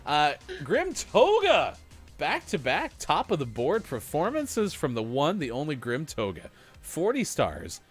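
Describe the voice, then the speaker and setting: A man's voice: on the high side, huge pitch swings, unhurried, breathy edge, faint music behind. A man co-hosting a morning gaming stream, reading out player scores in an upbeat announcer way. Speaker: morning show co-host. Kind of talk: live-stream game commentary.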